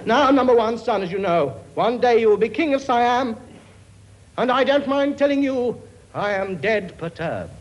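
A man's voice: very high-pitched, animated, moderate pace, muffled recording. An actor playing a cheeky, bossy king who lectures his many children in a comedy sketch. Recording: noisy recording.

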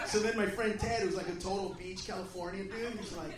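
A man doing stand-up comedy, loud and profane, acting out other people in shouted put-on voices. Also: high voice, brisk, distant mic. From United States. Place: comedy club stage. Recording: echoey venue, crowd laughter, loud noise.

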